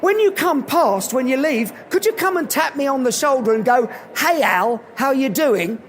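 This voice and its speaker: A man's voice: very high voice, expressive, normal speed, a bit bright, a little hiss or hum. A man voicing an eager little Cockney man who stammers and pleads for a favour. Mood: pleading.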